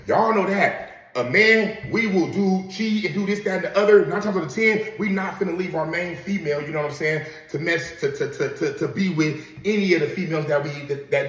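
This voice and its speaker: Dude telling his own story, streetwise and cussing, bit high voice, sounds far off the mic. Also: fairly bright tone. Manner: profane, streetwise, keeps checking in with "you know what I'm saying". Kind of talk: casual storytelling to an audience. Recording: roomy, distant from the mic.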